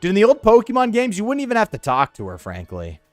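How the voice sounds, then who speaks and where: A man streaming a game, chatting casually in an animated, slangy, ranting way. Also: high-pitched, fast talker, no room sound, soft background music. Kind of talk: casual live-stream chat while gaming.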